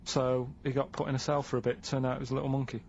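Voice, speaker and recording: A man telling a news item in a rambling, deadpan way during casual radio banter. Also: mid-range voice, very fast, creaky, highs cut off, a little hiss or hum. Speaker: radio show regular telling a news segment.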